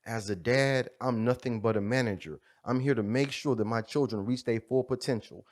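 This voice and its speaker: A man's voice: medium pitch, moderate pace. A man giving a fervent, preacher-like motivational talk about fatherhood, building on repeated refrains. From USA. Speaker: video creator speaking on fatherhood. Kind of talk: impassioned motivational monologue.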